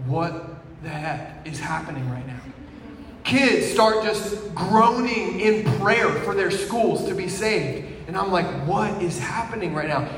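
A young man preaching a testimony sermon, telling his story, swinging from hushed to shouting. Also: high-pitched. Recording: echoey hall from far off with faint noise.

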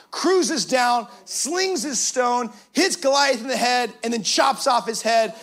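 Speaking slowly, this pastor preaches an energetic sermon full of slang, with a voice that sits unusually high for a man. His points land through loud, emphatic shouting that he works up to.

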